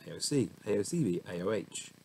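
This man's lowish voice is warm and husky with vocal fry, animated and fairly quick as he reads dictionary entries one by one. He stumbles over pronunciations and mutters asides, and the rough recording has faint background noise.

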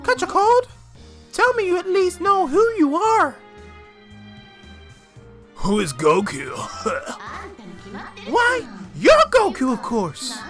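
A woman doing a shrill bossy genius gal. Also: wildly swooping pitch, very slow, pauses often, fairly bright tone, soft background music, heavily acted. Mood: exasperated. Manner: squawking, scolding, exaggerated high voice.

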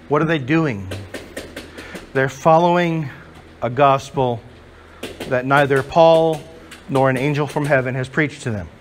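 Guy preaching a sermon, highish voice, punchy, lots of questions to the room. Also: slight background noise. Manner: emphatic, with rhetorical questions. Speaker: pastor. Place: church before a congregation.

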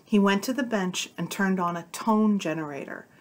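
Reading a short story aloud at a moderate pace, this woman's mid-range voice shifts tone whenever the characters speak. The delivery is audiobook-style storytelling.

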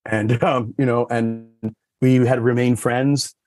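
A sommelier appearing as a podcast guest tells stories in a slow, fairly even, slightly mellow voice. He rambles casually, leaning on fillers like "you know" and "like," and raises his pitch to act out quoted dialogue.

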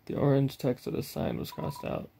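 A man's voice: moderate pace, mellow, a little hiss or hum. A man hosting a let's play, chatting casually and rambling about the game and his channel. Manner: rambling, self-deprecating, laughs often. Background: game music.

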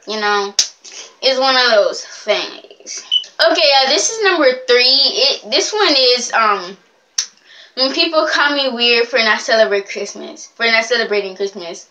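Bright, animated young woman vlogging. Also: fairly high pitch, unhurried, lo-fi sound. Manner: rambling, giggly, animated. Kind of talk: casual vlog chat.

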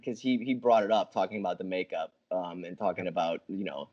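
A man, a filmmaker guest, talking casually on a podcast in a halting way with many restarts. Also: deep voice, a little mellow, breathy edge, dull audio.

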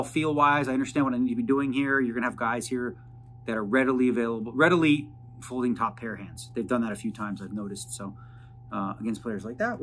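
A man's voice: mid-range voice, fairly bright tone. A man casually narrating a vlog, chatting through poker hand breakdowns in a rambling, jargon-filled way. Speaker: poker player vlogger. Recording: noisy background.

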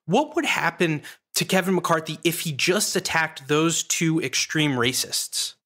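A man's voice: fairly high pitch, animated, a little slow, hardly any pauses, sharp tone. A man hosting, talking through a long conversational question to his guest. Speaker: host. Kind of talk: interview question.

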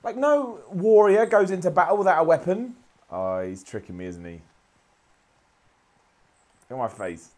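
A man's voice: sits high, very animated, moderate pace, long pauses, darkish tone. A man giving self-deprecating, sweary commentary while playing a video game. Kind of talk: gameplay commentary.

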